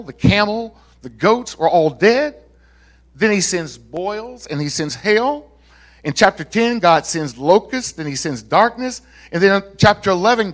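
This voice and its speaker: Pastor guy with a high voice preaching, chatty and joking with the church. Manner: animated preaching with audience asides and laughter. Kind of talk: sermon. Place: church sanctuary.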